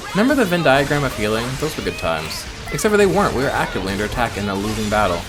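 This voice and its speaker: A man's voice: mid-range voice, sing-song, racing, music in the background. An American man giving rambling, joking commentary over gameplay. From United States. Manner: rambling, joking asides and self-mocking chatter. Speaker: let's play host.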